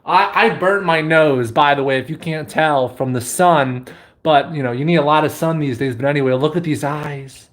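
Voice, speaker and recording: A man's voice: a little high, moderate pace. A man chatting on a spiritual live stream, playful and giddy, breaking into whoops and laughter. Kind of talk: casual live stream chat. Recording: echoey room.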